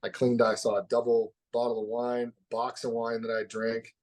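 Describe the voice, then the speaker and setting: A man as a podcast guest, telling a personal story in an open, reflective way that drops soft at the heavy parts. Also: mid-range voice, monotone, moderate pace. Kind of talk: candid conversational storytelling.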